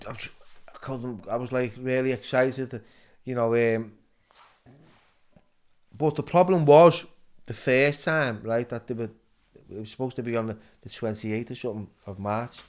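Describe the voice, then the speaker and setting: A man's voice: mid-range voice, fairly even intonation, moderate pace, pauses often. A middle-aged man with a Liverpool accent, a guest telling his story in a casual interview, stumbling and repeating words as he goes.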